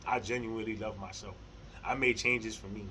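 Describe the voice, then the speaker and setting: A middle-aged man in a casual spiritual monologue to camera, rambling and repeating words, with heavy slang and swearing, earnest, with soft laughs between thoughts. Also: on the low side, steady tone, fairly quick, a little hiss or hum, low-quality recording. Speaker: spiritual vlogger.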